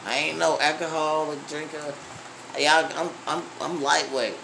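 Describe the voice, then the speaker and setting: A man hosting a casual podcast chat, telling animated, profane stories and laughing often. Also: on the high side, normal speed, vocal fry, slight background noise, rough recording. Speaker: podcast host.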